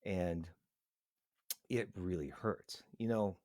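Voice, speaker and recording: A middle-aged man talking into a live stream in a casual, earnest, halting way, rambling and restarting his sentences. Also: deep voice, dark tone, dry recording, studio quality.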